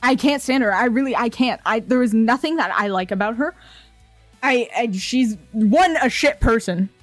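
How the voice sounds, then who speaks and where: A woman's voice: on the high side, normal speed, dry recording, faint music behind. A young woman streamer chatting casually with her viewers, ranting bluntly, swearing often and laughing a lot. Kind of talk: casual chat reacting to chat messages.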